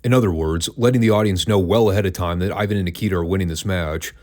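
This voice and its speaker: A man's voice: low voice, fast, a little mellow. A man hosting a wrestling podcast, reviewing old matches in a casual, dry and sarcastic way.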